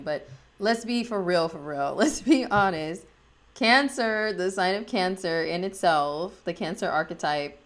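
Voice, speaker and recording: Laid-back woman astrologer chatting away, kinda low voice, laughs a lot. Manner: chatty, slangy, laughs often. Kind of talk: casual astrology talk.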